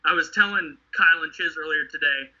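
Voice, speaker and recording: A man co-hosting a podcast in casual chat, profane and animated, mocking what he talks about. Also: a little high, fairly quick, dull audio. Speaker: podcast co-host.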